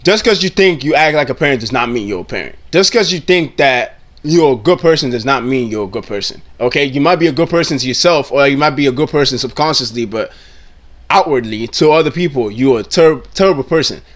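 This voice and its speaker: A man's voice: mid-range voice, expressive, a little fast, a bit bright. Indignant man ranting in reaction. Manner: blunt, indignant, swears freely; repeats and restarts phrases often. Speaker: commentator reacting to clips. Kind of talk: casual reaction commentary.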